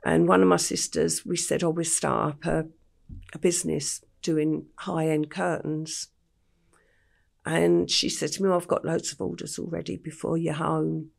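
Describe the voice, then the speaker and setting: An older woman from England, telling her life story in an interview at a slow, matter-of-fact pace. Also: sits low, level tone. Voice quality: gravelly, husky voice. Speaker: podcast guest.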